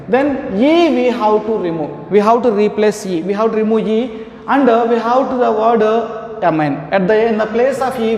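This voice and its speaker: Indian English male lecturer with a high voice, slow and repetitive, recorded in a roomy classroom with long reverb. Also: a little mellow, a little hiss or hum. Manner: slow, repetitive explanation with many fillers. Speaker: chemistry lecturer.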